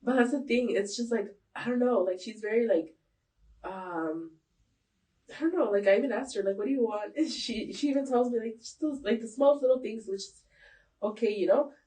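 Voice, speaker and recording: A woman's voice: fairly high pitch, normal speed, warm tone. A woman in her thirties co-hosting a podcast in casual chat, rambling with lots of fillers and frequent laughter. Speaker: podcast co-host. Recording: voices heard from a distance.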